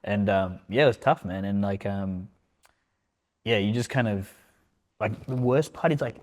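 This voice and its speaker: A lowish male voice talking openly as a podcast guest. He is reflective and halting, pausing and filling gaps with casual words as he works through his thoughts in a relaxed back-and-forth. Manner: reflective, halting, heavy use of fillers like "man" and "like". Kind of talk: casual emotional conversation.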